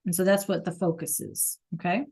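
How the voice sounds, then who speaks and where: A woman's voice: fairly low pitch, steady tone, a little fast, vocal fry, a little mellow, husky. A woman teaching an online Spanish class, explaining in a casual, chatty way with fillers and check-ins with her students.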